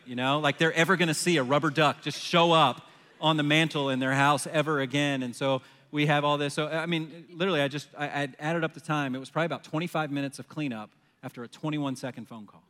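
A man in his forties preaching a sermon, telling a personal story in an animated way and acting out his own panicked phone call. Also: on the high side, quick pace. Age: 40s. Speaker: pastor. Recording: long hall reverb.

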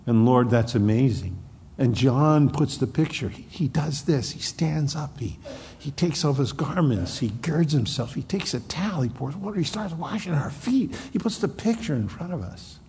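A male pastor preaching a sermon with emphatic swings from loud stress to soft, low asides, with a husky, gravelly voice. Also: animated, normal speed, slight background noise. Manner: emphatic, rising to bursts of loud stress then dropping soft. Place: church hall. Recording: long hall reverb.

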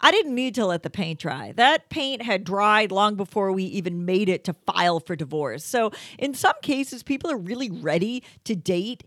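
A woman's voice: medium pitch, expressive, normal speed, hardly any pauses, no echo, studio quality. A middle-aged woman co-hosting a podcast, talking off the cuff in a chatty, opinionated way. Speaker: podcast co-host. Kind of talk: casual chat.

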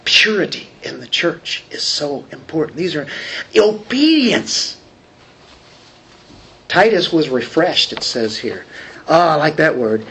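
A man's voice: fairly high pitch, sing-song, takes it slowly, long pauses, a bit bright, slight background noise. Man preaching a sermon. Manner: conversational preaching with questions to the congregation. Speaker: pastor.

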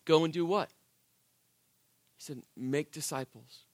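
A man preaching a sermon in church, conversational and animated, often asking the congregation "right?" and swinging from shouted emphasis to soft, intimate delivery. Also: fairly high pitch, unhurried, no echo, studio quality. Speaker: pastor.

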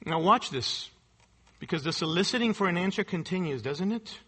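A man's voice: high-pitched, lively intonation, normal speed, fairly bright tone, breathy edge. A male pastor preaching a sermon with emphasis, repeating rhetorical questions to his congregation.

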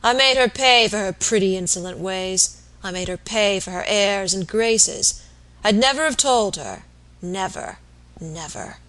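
A woman reading aloud as a dying, rough-spoken working man, bitter and feverish, with coarse rural speech. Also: mid-range voice, normal speed, fairly bright tone, close to an everyday voice.

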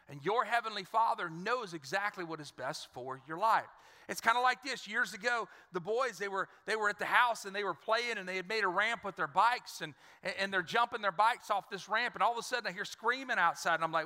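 Male pastor, high-pitched and sharp-edged, chatty storytelling sermon, long hall echo. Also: moderate pace. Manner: conversational storytelling with humor and repeated words. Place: church.

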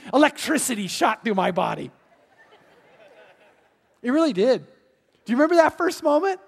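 A man's voice: very high voice, big pitch swings, moderate pace, gravelly, breathy edge. A middle-aged male pastor preaching a sermon in an earnest, heartfelt way, telling stories and acting them out. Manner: storytelling, acting out voices in anecdotes. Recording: long reverb of a church hall.

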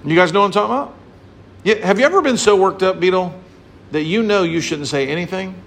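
A man's voice: fast, slight background noise. A man preaching a sermon to his congregation, acting out little scenes and voices as he explains a psalm. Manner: animated, acts out scenes and voices with big pitch swings. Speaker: pastor.

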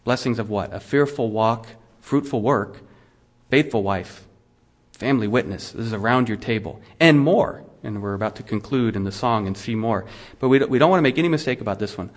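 This is a middle-aged man preaching a chatty sermon, questioning his audience in a mid-range voice that runs a little fast. He restarts often and repeats words along the way.

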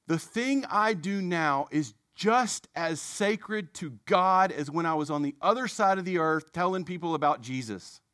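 Male preacher, young adult, conversational sermon with self-mocking asides, slightly high voice, dry recording. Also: measured pace, few pauses, fairly bright tone, dry recording. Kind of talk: sermon storytelling.

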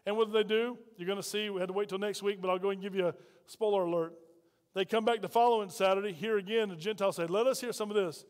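A man's voice: sits high, fairly even intonation, fast talker, long reverb tail. A man preaching a sermon as pastor, folksy and full of call-and-response questions to the congregation.

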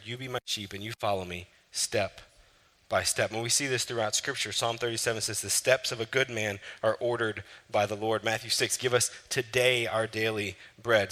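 A man preaching a sermon as a pastor, building with repetition and dropping low and soft to read scripture. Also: in a large hall.

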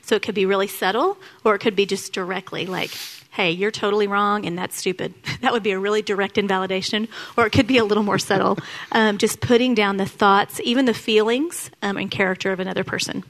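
A woman's voice: mid-range voice, fairly even intonation, fast talker, rough recording. A woman co-presenting a marriage talk with her husband, explaining points plainly with some "um" fillers. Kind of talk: casual teaching talk to a group.

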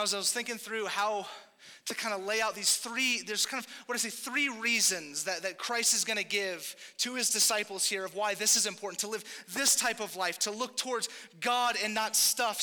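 A man's voice: high voice, sharp tone. A young man preaching a sermon as pastor, in a conversational, rambling way with jokey asides and self-corrections. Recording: long hall reverb.

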